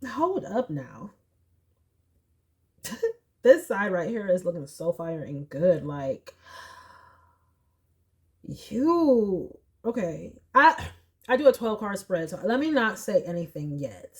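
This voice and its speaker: Woman, tarot reader, casual chat, animated asides, unhurried delivery. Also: lowish voice. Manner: chatty, animated, slangy asides and acted-out quotes. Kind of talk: casual pick-a-card tarot reading.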